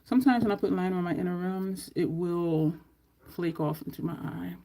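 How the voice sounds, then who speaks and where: A woman's voice: fairly low pitch, normal speed, mellow. A woman chatting casually through a makeup tutorial at home, rambling into side stories as she goes. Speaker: makeup vlogger.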